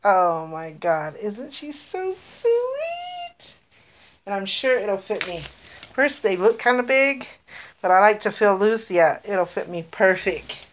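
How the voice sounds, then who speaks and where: A woman's voice: medium pitch, lively intonation, a little slow, a little hiss or hum. Gushing, teary middle-aged woman. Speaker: vlogger. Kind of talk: casual unboxing vlog.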